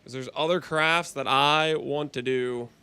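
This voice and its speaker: A man streaming a game live, chatting casually, answering his chat and clearing his throat often, his voice a bit hoarse. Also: medium pitch, steady tone, a little slow, sharp tone, no room sound. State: hoarse-sounding voice.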